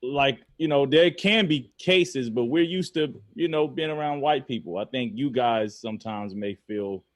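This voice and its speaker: Earnest, halting male podcast co-host. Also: mid-range voice, no echo, clean studio sound. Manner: earnest, halting, searches for words. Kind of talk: casual podcast chat.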